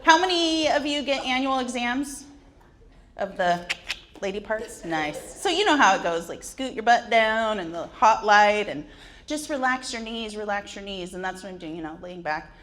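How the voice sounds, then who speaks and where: A woman in her forties, speaking at a conference, spins wry comic stories at her own expense and frequently laughs at what she says. Her mid-range voice is animated and fairly bright, her pace moderate, with a little background noise.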